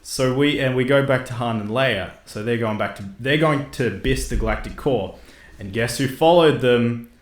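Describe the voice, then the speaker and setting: A man casually recapping a comic story to a co-host, animated and laughing often. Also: medium pitch, normal speed. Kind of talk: casual chat. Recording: echoey room.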